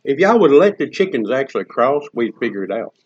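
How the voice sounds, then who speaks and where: Husky guy riffing silly stories, pitch jumps all over, kinda muffled lo-fi sound. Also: very animated, brisk. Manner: rambling, jokey storytelling with Southern slang. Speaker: co-host. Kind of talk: casual comedic chat. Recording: dull lo-fi recording.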